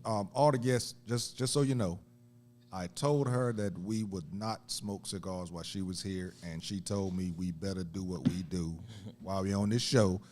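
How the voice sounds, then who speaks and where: A man with a Southern US accent hosting a talk show, talking in a relaxed, halting way. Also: low-pitched. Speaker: host. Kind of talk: casual talk show chat. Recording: faint background hum.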